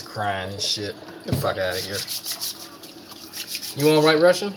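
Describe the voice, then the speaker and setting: A man's voice: mid-range voice, expressive, moderate pace, heavy background noise. A man ranting in casual commentary, profane and mocking. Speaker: commentary host.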